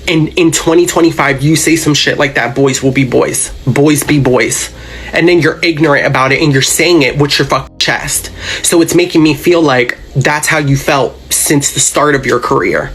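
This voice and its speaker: A man ranting in a reaction video, indignant and emphatic, with some swearing. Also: on the high side.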